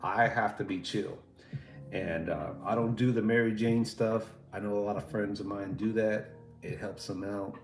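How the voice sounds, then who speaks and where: A man's voice: fairly low pitch, fairly even intonation, moderate pace. A man hosting a live stream, chatting casually in a rambling, laid-back and profane way while talking to viewers. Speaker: livestream host. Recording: roomy echo, faint music behind.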